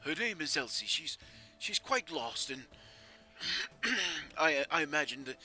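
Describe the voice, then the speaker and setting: A man voicing an anxious village miller who talks in a halting, hesitant way. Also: a little high, sing-song, pushed and bright, faint music behind, voice pushed up, full character voice.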